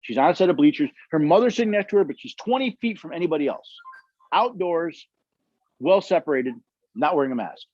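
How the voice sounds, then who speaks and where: A man's voice: a little high, expressive, brisk, darkish tone, no room sound, dull audio. A man leading a constitution study session, telling stories emphatically and acting out the quotes, with audience questions. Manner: emphatic storytelling, acts out quotes.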